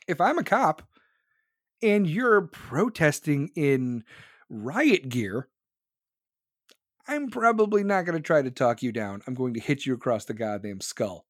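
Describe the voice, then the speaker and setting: A man's voice: on the high side, no echo, clean studio sound. A man delivering profane political commentary in a crude, sarcastic manner.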